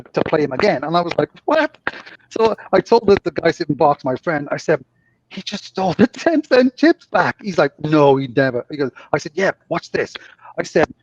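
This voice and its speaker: Middle-aged man, ex-dealer guest, laughs through anecdotes, slightly high voice, dry dull audio. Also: breathy edge, dry recording. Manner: chuckles through stories, acts out voices. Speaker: former casino dealer, guest. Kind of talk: casual storytelling on a live stream.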